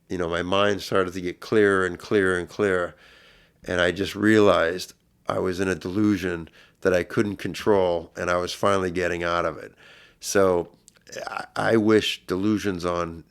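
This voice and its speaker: A middle-aged man speaks as a podcast guest, recounting a personal ordeal with earnest emotion. His voice sits low and deep and is smooth and resonant, and it grows louder when the story turns intense.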